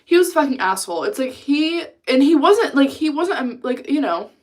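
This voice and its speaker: A woman's voice: high voice, sing-song, normal speed. A young woman talks loosely to her stream, rambling through a complaint. She swears freely and stops now and then to answer comments from chat. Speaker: livestreamer. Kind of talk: casual livestream chat.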